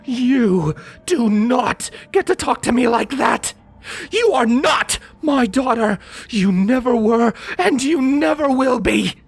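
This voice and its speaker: A man voicing a furious, volatile female unicorn who snarls and shouts her lines. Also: extremely high pitch, animated, slow, creaky, slightly rough, soft background music, voice pushed up, exaggerated voice. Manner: snarling, shouting, spitting words.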